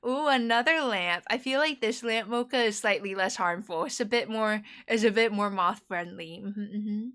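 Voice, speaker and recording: A woman's voice: mid-range voice, fairly bright tone. A young American woman streamer in casual chat, chatty and giggly, rambling on. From United States.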